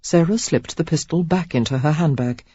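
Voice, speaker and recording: A woman narrating a romance audiobook in an expressive, steady storytelling manner. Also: low-pitched, moderate pace, husky, no room sound, highs cut off. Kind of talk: scripted narration.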